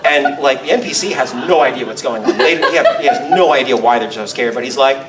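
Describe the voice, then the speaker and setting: A man on a convention panel, telling a funny role-play story in a casual, animated way. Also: quick pace, hardly any pauses, reverberant, far from the mic, a crowd in the background, rough recording. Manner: animated, laughing, squeaky voice bursts.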